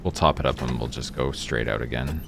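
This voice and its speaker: A man's voice: very deep voice, fairly quick, vocal fry, background noise. A man streaming a game, reading in-game notes aloud and chatting casually as he plays. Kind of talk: casual gameplay commentary. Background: game music.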